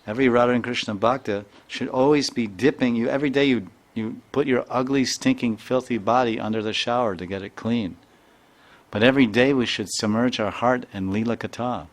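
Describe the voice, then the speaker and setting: A man's voice: medium pitch, a little fast. An older man giving a devotional talk as a spiritual teacher, telling stories in emphatic, repeated phrases. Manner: repetitive, emphatic storytelling with Sanskrit terms.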